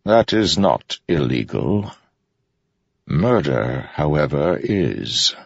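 A man's voice: extremely low pitch, slow, creaky, slightly rough, no echo, dull audio, exaggerated voice. A man voicing a cold male law enforcer who speaks evenly and without emotion. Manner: even, flat, without emotion.

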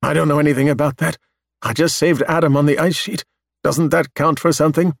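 A man's voice: a little high, fairly even intonation, fairly quick, creaky, dry recording, pitched above the performer's own voice. A man voicing a rebuilt android man who is panicky, pleading and close to tears. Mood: frightened pleading. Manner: panicky, pleading, almost weepy.

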